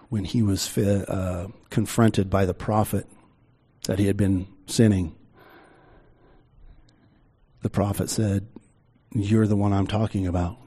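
A middle-aged man preaching a sermon in a conversational way, with slow, emphatic pauses. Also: lowish voice, dark tone, husky. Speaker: pastor.

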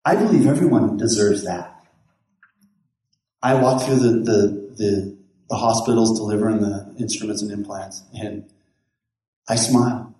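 A man's voice: lowish voice, measured pace, pauses often, dark tone. Folksy pastor man in an echoey room. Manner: rambling, folksy, with many restarts and quoted dialogue. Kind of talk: casual storytelling.

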